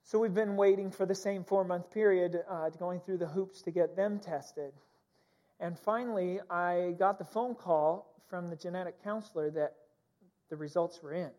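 A man's voice: sits high, fairly even intonation, normal speed, darkish tone. Brief: male pastor, conversational sermon delivery, personal storytelling style with plenty of uhs and ums. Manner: candid, personal storytelling with frequent fillers.

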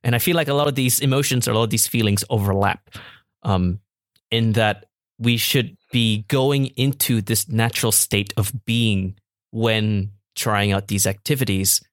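A man's voice: on the low side, steady tone, moderate pace, dry recording, studio quality. Curious, musing male podcast host. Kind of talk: podcast conversation.

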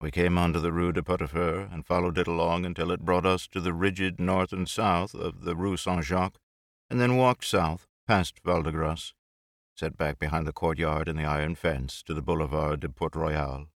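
Deep-voiced male audiobook narrator; measured, expressive, very dry close read. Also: no echo.

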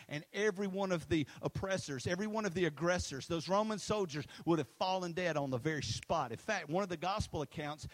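A middle-aged pastor, his voice sitting high for a man. He preaches with passion, calls on the congregation to answer back, and drops from loud emphatic lines to hushed ones. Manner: swings between loud emphatic lines and low quiet ones. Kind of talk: sermon.

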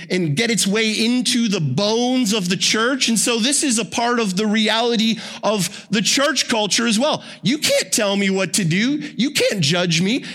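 A pastor preaches in a bright, forceful voice that sits high for a man. He keeps it conversational, with joking asides. A sermon delivered like a friendly talk. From Canada.

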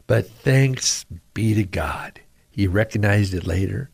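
A man's voice: fairly low pitch, slow, vocal fry, a little mellow, slightly rough, no echo. A middle-aged man hosting a radio devotional, speaking earnestly, praying and reading scripture with rising emphasis. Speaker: radio pastor and host.

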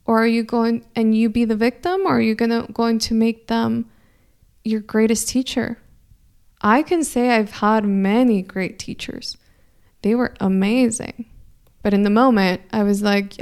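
Smooth-voiced woman with slight Mexican Spanish accent. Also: fairly high pitch, fairly even intonation, a little slow, darkish tone. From California. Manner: earnest, thoughtful, frequent restarts. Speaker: speaker. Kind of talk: reflective motivational storytelling.

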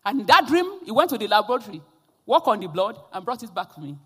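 A woman preaching a sermon and telling her own testimony, swinging from quiet storytelling to loud, impassioned exhortations. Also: a little high, sing-song, fast talker, slightly rough. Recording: long hall reverb.

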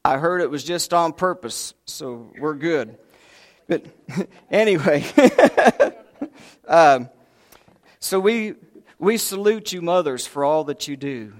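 A man's voice: fairly high pitch, lively intonation, takes it slowly, long pauses. A man preaching a sermon, a folksy storyteller who acts out voices and chuckles. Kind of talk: sermon with humorous stories. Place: church sanctuary.

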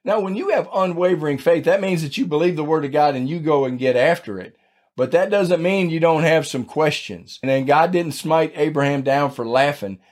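A man's voice: fairly high pitch, moderate pace, a little mellow. A man hosting a devotional podcast, teaching scripture in a folksy, conversational way and closing in prayer. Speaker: podcast host and Bible teacher.

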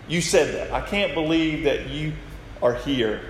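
In an echoey hall with a little noise, a man delivers a storytelling sermon as pastor, voicing the quoted lines as he retells each tale. His voice sits a bit high, and he speaks expressively at a measured pace.

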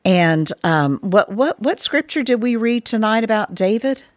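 A woman giving a calm, deliberate encouraging message. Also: fairly high pitch, no echo, studio quality.

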